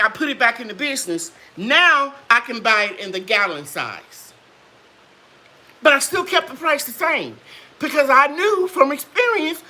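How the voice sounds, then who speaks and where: Hosting a casual live chat, a high-pitched woman tells lively, preachy stories and acts out the quotes within them.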